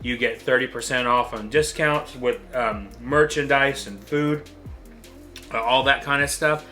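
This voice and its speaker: Casting: chatty male vlogger, bright clear tone, mouth on fire from hot sauce, halting with ums. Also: medium pitch, steady tone, faint music behind. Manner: nervous, chatty, frequent ums. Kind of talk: casual vlog chat.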